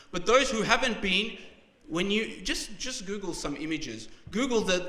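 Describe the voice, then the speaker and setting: A man's voice: high-pitched, pushed and bright. Passionate man preaching in an echoey hall. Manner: passionate, emotional, with repeated restarts. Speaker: speaker at a religious gathering. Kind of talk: sermon. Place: large hall at a community religious program.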